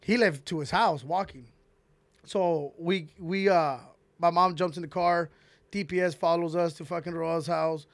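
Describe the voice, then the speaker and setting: A man with a fairly high, gravelly voice swears his way through a rambling, animated story. The sound is dry and close, with no room around it. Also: unhurried, no room sound. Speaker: podcast host. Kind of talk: casual storytelling.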